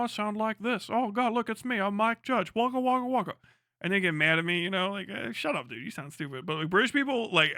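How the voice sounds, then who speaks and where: Bright, chatty male streamer. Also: fairly high pitch, no echo, studio quality. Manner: rambling, profane, laughing asides. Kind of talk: casual live-stream reaction chat.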